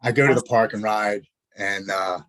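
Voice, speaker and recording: A man with a lowish voice tells a personal story as a podcast guest. His delivery is earnest and halting, with words repeated as he searches for them. The sound is dry and close. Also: fairly even intonation, fairly bright tone, no echo, poor audio.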